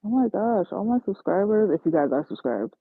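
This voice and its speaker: Gravelly-voiced New woman chatting. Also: mid-range voice, big pitch swings, brisk, no room sound. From New York. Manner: chatty, slangy, self-mocking, laughs often. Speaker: travel nursing aide, livestream host. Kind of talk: casual livestream chat. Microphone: phone. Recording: dull lo-fi phone audio.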